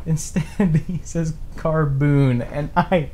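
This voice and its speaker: A man's voice: medium pitch, normal speed, a little hiss or hum. A man casually chatting and laughing a lot while playing a strategy game for a let's-play video. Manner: giggly, laughs often, animated storytelling. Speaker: gameplay commentator.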